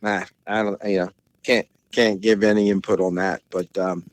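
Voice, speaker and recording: A man's voice: low-pitched, level tone, normal speed, no echo, poor audio. A middle-aged man from Maryland, a podcast guest chatting casually and telling rambling stories full of restarts. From Maryland, USA. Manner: rambling storyteller, many restarts and fillers. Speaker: podcast guest, bus seller. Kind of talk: casual chat.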